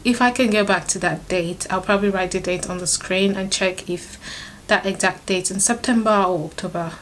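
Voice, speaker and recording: A woman's voice: mid-range voice, moderate pace, a bit bright. Young woman vlogger, casual storytime to camera, emotional, laughs a lot, mid-range voice, faint noise behind. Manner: emotional, laughs often, restarts sentences. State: pregnant, third trimester.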